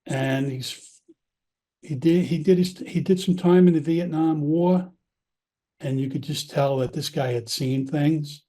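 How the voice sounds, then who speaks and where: A former police officer from Long Island, New York, tells stories from his career in casual conversation, his fairly high, dark voice steady and unhurried. He is candid and rambling, frequently restarting sentences and acting out quoted dialogue.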